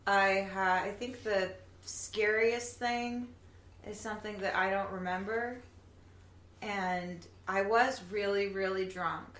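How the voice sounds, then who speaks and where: A woman telling her own stories in an animated way, swearing now and then, in a casual group chat. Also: medium pitch, slow pace. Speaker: guest. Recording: echoey room, faint background noise.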